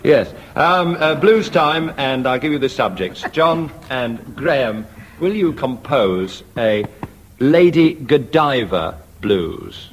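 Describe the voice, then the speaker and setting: A man chairing a radio comedy panel game, announcing scores and rounds with dry, deadpan irony. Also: mid-range voice, slow, slight background noise. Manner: dry, deadpan, lightly ironic. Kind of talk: dry scripted game hosting. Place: radio studio before an audience. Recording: 1970s radio archive.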